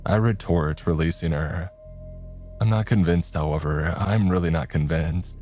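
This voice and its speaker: A man reading a first-person horror story in a tense, measured way. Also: deep voice, dark tone, faint music behind. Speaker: narrator.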